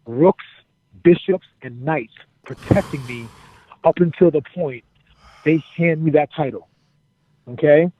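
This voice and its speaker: A man spins a backstage story in an animated, casual way, acting out the lines of the people in it and swearing freely. His voice sits a little high. The sound is tinny and narrow, like a phone line. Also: dry recording. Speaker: interview guest, former wrestler.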